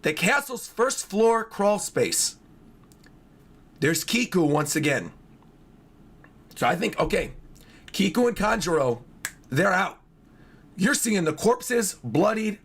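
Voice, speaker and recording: Hoarse, excitable male streamer. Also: high voice. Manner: excitable, chatty, reads along and talks to chat. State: hoarse from yelling the night before. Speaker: streamer reacting to a manga chapter. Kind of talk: livestream reaction, thinking aloud.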